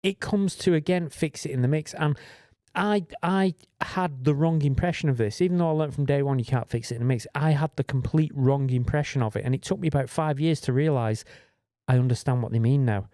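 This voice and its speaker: A man's voice: on the high side, a little fast, mellow, no echo, clean studio sound. A British man co-hosting a casual podcast as a mix engineer, talking animatedly, swearing freely and mimicking instrument sounds. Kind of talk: casual chat.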